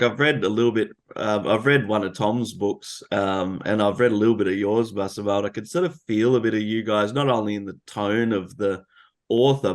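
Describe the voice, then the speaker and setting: An easygoing Australian man chats as a guest author, relaxed and friendly in his phrasing. His voice sits low and steady. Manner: easygoing, chatty, uses fillers like mate. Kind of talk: casual interview chat.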